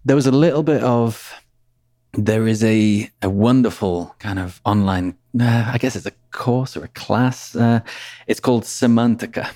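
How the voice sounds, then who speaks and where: Low-voiced male guest, chatty and rambling, close dry sound. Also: a little slow, mellow, no echo. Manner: rambling, fills with "right?" and "you know". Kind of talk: casual conversational interview.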